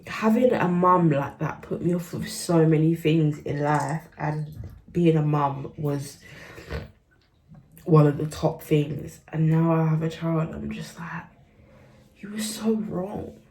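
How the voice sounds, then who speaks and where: A young woman, talking openly in a confessional vlog, often dropping to a whisper and then rising loud and quick. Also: low voice. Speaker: vlogger.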